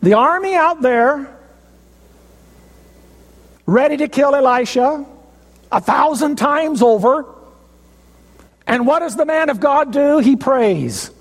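A man preaches a sermon in a high voice, retelling a story with emphatic stresses and dramatic pauses. His words carry a long reverb, as in a large hall. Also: expressive.

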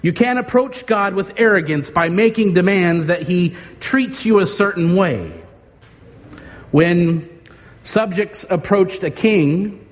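A man preaching a sermon to his congregation, measured and emphatic, with homey humor and deliberate pauses. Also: sits high. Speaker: pastor. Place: church sanctuary. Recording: long hall reverb.

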